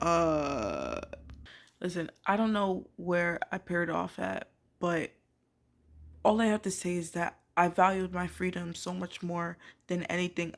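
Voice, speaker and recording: A young woman ranting casually to camera, filling her talk with "like" and swearing, swinging from quiet musing to loud disbelief. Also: lowish voice, gravelly. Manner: emphatic, swears, many filler "like"s. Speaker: vlogger.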